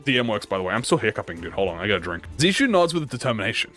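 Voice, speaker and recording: A man streamer reacting live to a game, excitable and profane, with mock outrage. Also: low voice, rapid-fire, faint music behind.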